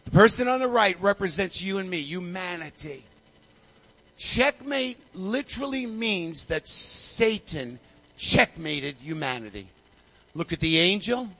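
A man's voice: high-pitched, lively intonation, unhurried, pushed and bright, breathy edge, highs cut off. A man preaching a sermon to his congregation, a fervent storyteller who repeats phrases and calls people forward. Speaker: pastor. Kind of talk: sermon with altar call. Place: church sanctuary.

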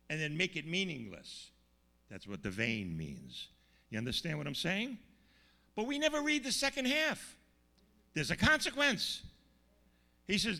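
A man preaching a sermon, his voice gravelly and bright as it rises and falls with lively swings. He slows right down to hammer home key words and keeps asking his listeners whether they follow. The sound carries a long reverb, like a large hall. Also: medium pitch. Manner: emphatic, slows down to stress words, asks the audience questions.

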